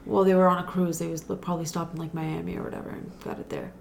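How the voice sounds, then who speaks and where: A woman's voice: lowish voice, little pitch movement, fast, vocal fry. A woman co-hosting a podcast, casually recapping a TV episode and acting out the characters' lines. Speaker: podcast co-host.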